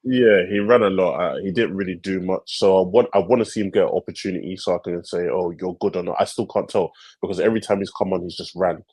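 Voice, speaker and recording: A man's voice: deep voice, fairly even intonation, fast, hardly any pauses, darkish tone, husky, dry recording. A man co-hosting a casual football podcast, laid-back and hesitant. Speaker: podcast co-host. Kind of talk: casual chat.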